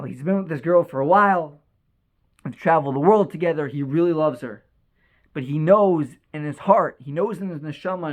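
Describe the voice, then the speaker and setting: A storyteller telling an inspirational religious story with emotion, repeating words and restarting sentences. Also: medium pitch.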